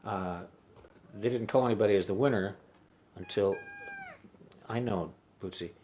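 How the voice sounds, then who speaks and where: Between songs on his live stream, a middle-aged musician rambles through a casual story, halting and restarting often. His voice is lowish and darkish at a normal speed, picked up by a webcam stream mic with a little hiss or hum.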